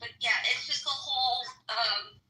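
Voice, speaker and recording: Sarcastic lady ranting on a podcast, high bright voice, sounds kinda far off in an echoey room. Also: unhurried. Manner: blunt, sarcastic, swears freely. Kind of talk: casual political chat. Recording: roomy echo, off-mic.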